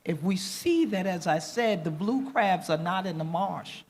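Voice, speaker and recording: The voice is medium in pitch, unhurried and a little mellow. The speaker, a native Gullah speaker with a Gullah Geechee accent from the southeastern US coast, addresses a conference panel with passion and emphasis, moving between Gullah creole and English.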